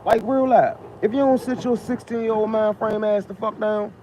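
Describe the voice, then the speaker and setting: A man's voice: high voice, steady tone, moderate pace, dark tone. A man ranting casually on a live stream, repeating himself, firing off rhetorical questions and swearing freely. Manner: emphatic, repetitive, rhetorical questions, profane. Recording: muffled lo-fi sound with faint noise.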